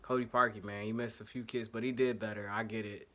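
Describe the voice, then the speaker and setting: He talks fairly quickly in a low-ish, level, slightly bright voice. This Ohio-accented sports podcast host from Ohio delivers loose, slangy fan commentary in one home-recorded take, backtracking on himself and apologizing when the tech acts up.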